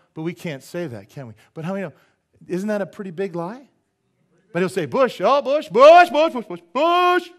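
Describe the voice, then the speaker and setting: Animated joking male pastor preaching. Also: fairly high pitch. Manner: animated, joking, asks the congregation "amen?"; does quick silly voices and sound effects. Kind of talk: sermon. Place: church sanctuary.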